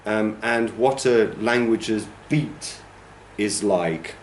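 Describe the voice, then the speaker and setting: A man from the United Kingdom draws out his words in a fairly low voice as he leads a training class through pronunciation, sounding out stress patterns. The echoey recording carries a little hiss or hum.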